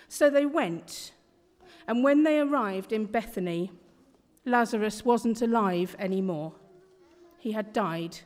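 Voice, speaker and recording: A woman reading a rhyming Bible story in a slow, measured, expressive way. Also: medium pitch. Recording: long hall reverb.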